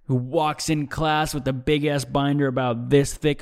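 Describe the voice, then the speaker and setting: A man's voice: medium pitch, flat delivery, normal speed, a little mellow, smooth. A young man hosting a podcast, talking in a casual, rambling monologue. He swears freely and keeps tacking "dude" and "bro" onto the ends of his sentences. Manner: profane, rambling, says "dude" a lot. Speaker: podcast host. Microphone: desk mic, seen drinking on video.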